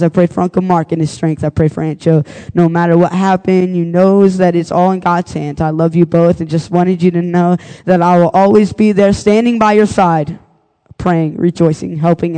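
A man's voice: high-pitched, warm tone, smooth, low-quality recording. A young man giving a youth-service sermon, moving from an emotional personal testimony to an impassioned altar call. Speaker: youth speaker.

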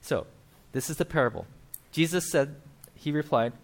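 A man's voice: fairly high pitch, moderate pace. A man preaching a casual sermon, chatty and full of fillers, often acting out quoted voices. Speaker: pastor.

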